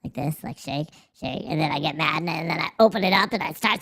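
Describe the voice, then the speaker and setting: This married adult livestream host uses a voice changer while he rambles and rants with profanity and sarcasm in casual chat. He talks quickly in a fairly high, creaky voice with a fairly bright tone.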